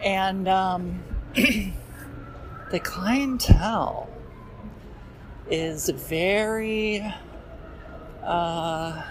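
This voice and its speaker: A man strolls down a city sidewalk and talks into his phone in an unhurried, meandering monologue. He keeps circling back with fillers and self-deprecating asides. Clear street noise runs under his voice. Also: sits high, rough recording. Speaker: podcast host walking and talking. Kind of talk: rambling walk-and-talk monologue. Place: outdoors on a busy city street, walking. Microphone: phone held while walking.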